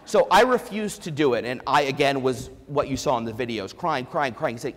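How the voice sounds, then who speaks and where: A man giving a keynote speech, telling a candid personal story with self-deprecating humor and halting restarts, on a lavalier mic. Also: medium pitch, lively intonation. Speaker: keynote speaker. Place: large conference hall before an audience. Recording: long hall reverb.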